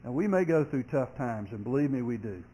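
A man, a pastor, preaching a sermon, earnest, growing loud and sharp when he acts out complaining voices and dropping soft for comfort. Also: medium pitch, lively intonation, fairly quick, a little hiss or hum, rough recording.

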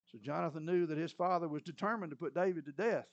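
High-voiced folksy male preacher. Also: quick pace, lo-fi sound. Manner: folksy and conversational, often clears his throat. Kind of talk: sermon, retelling scripture as a story.

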